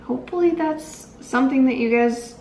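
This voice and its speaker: A woman's voice: high-pitched, moderate pace, warm tone. A woman co-hosting a casual vlog, chatting earnestly to camera and trailing off with fillers. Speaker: co-host of a couple's channel. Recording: roomy with faint noise.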